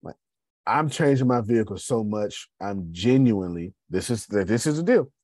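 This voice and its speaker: A man's voice: on the low side, lively intonation, normal speed, a little mellow, no echo. A man, talking casually to his listeners about his business, calling them y'all. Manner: conversational, addresses listeners as y'all. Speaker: host. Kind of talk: motivational business talk.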